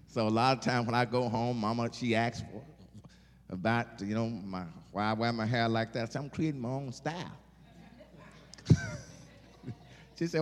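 A man preaching a sermon, animated, with call-and-response and laughing asides. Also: mid-range voice, moderate pace, long pauses. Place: church sanctuary. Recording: long hall reverb.

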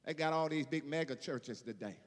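A man preaching an emphatic sermon, repeating phrases and building to shouted peaks. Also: a little high, a little fast, in a large hall. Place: church.

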